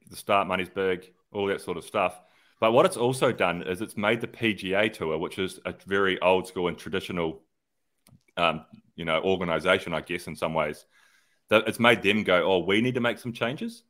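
A very deep-voiced man co-hosting a podcast. He talks in a laid-back, rambling way and swears freely. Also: normal speed, a bit bright. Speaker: podcast co-host. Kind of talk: casual chat.

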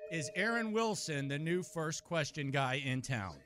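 A man hosting a sports radio show, animated and mock-serious, a self-described high-strung talker. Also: measured pace, faint music behind. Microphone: studio microphone.

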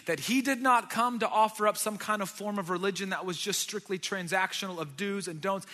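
A man preaching a sermon, swinging between loud declarations and near-whispers. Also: sits high. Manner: dynamic, shifts from loud to whispered. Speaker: pastor. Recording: long hall reverb.

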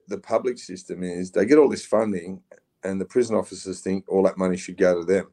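This middle-aged Australian man has a deep, gravelly, mellow voice. As a podcast guest who once served time in prison, he speaks bluntly and casually in interview talk, occasionally swearing and calling people "mate."

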